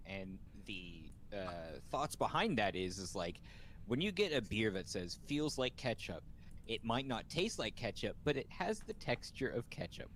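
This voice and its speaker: A man's voice: medium pitch, slight background noise. A man hosting a casual chat, telling rambling stories with frequent laughter and swearing. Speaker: host.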